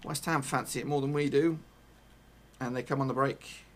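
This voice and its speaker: A man commentating his own football video game live, excitable and casual, swearing and talking to his viewers. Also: medium pitch, normal speed, slight background noise. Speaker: gaming YouTuber.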